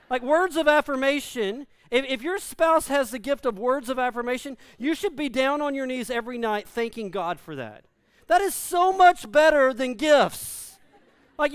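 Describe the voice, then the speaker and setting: A man preaching a humorous sermon, animated and self-deprecating, acting out the quotes in his story. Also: extremely high pitch, clean tone, dry recording. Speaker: pastor.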